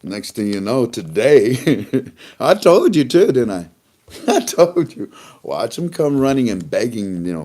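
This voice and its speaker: A man talks through his commentary in a loose, mocking way, with a pitch that swings widely. He chuckles between remarks and keeps acting out quick back-and-forth exchanges. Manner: animated, mocking, acts out dialogues. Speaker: online commentator. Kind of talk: casual political commentary.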